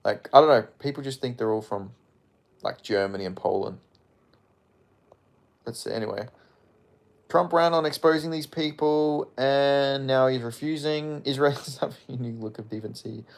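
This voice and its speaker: A man's voice: medium pitch, steady tone, moderate pace, vocal fry, pauses often. A man streaming casually, rambling and swearing as he reads out viewer comments. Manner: rambling, frequent profanity, offhand. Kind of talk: casual livestream chat, reading comments aloud.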